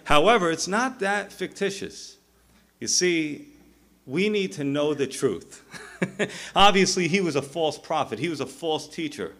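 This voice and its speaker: A middle-aged male pastor preaching a sermon, telling stories and acting out the characters' voices. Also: medium pitch. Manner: animated storytelling, acting out voices.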